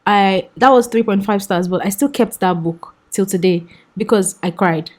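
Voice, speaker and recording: A woman's voice: medium pitch, normal speed, a little mellow. A young woman chatting enthusiastically through a casual book review vlog, often laughing.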